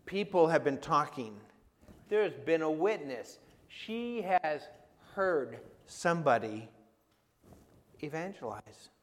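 A man preaching to a congregation, talking through the scripture conversationally and checking in with his listeners. His voice sits slightly high for a man. The sound carries a long reverb from a large church hall. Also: sing-song, takes it slowly. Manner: conversational, asks the audience questions. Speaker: pastor. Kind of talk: sermon.

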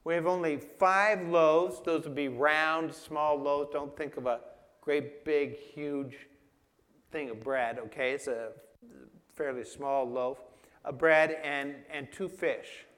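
A man's voice: on the high side, steady tone, slow, a bit bright. A man preaching a sermon in an emphatic, conversational way, asking his listeners questions. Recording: long reverb of a hall.

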